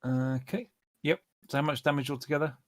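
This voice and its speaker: Relaxed, chatty man running the game. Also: medium pitch, brisk. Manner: relaxed, chatty, with many fillers. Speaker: dungeon master. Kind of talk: running a tabletop game online.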